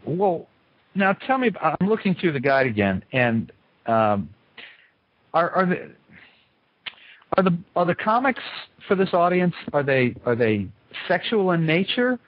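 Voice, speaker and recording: A man's voice: a little high, big pitch swings, unhurried, pauses often, no room sound. A man hosting a podcast interview, talking casually with lots of hesitant fillers and a playful, teasing manner. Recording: muffled dry lo-fi audio.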